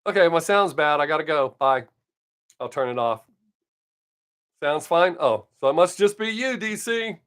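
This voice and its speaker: Streaming live from his home, an older man swaps blunt, profanity-laced stories in a relaxed chat. His voice sits on the high side with a fairly bright tone.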